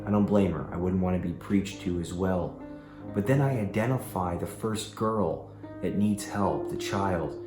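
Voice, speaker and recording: A man's voice: low voice, a little slow. A man in voice-over, earnestly explaining a paranormal session he recorded. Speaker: paranormal vlogger. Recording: echoey room, music underneath.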